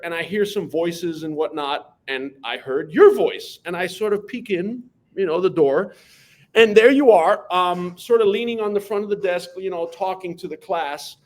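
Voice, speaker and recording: A man tells stories from his school days as an interview guest. His voice sits a little high, and he talks in an animated, lively way. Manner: animated, lively storyteller who acts out voices. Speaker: guest, math teacher. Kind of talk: anecdotal interview storytelling.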